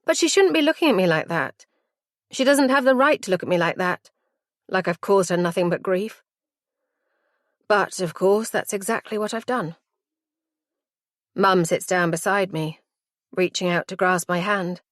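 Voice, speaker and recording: A woman narrating a first-person audiobook in a measured, intimate and reflective way. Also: lowish voice, dry recording, studio quality.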